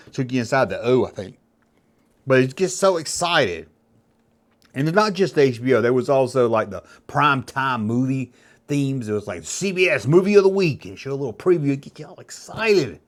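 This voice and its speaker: A man in his fifties hosting a video, rambling in a casual, chatty way as he reminisces. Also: mid-range voice. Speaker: YouTube host. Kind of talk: casual nostalgic monologue.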